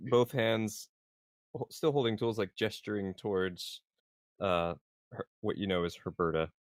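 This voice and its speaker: Man player, slow, animated pitch, dry close sound, rambling. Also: dry recording. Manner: unhurried, rambling. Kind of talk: playing a tabletop game.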